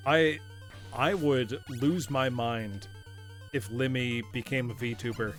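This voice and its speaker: A man's voice: mid-range voice, slow pace, fairly bright tone, faint music behind. A man streaming a retro game live, chatting playfully with his viewers and laughing often. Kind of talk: live gaming commentary.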